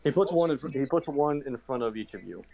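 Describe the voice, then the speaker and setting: A man's voice: mid-range voice, expressive, quick pace, vocal fry, darkish tone, slight background noise, rough recording. Man narrating a tabletop game. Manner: restarts often, casual narration. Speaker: game master.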